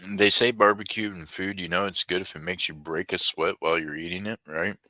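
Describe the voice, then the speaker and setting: Deep-voiced man hosting a livestream. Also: steady tone, a little fast, sharp tone, no room sound. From United States. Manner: folksy, laid-back, chatty. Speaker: livestream auction host. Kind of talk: casual live-stream chat with viewers.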